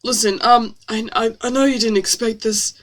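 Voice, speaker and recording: A woman's voice: a little high, fairly even intonation, moderate pace, close to an everyday voice. A woman reading the lines of a guilty, mumbling middle-aged father in her own story, hesitant and stammering. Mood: sheepish.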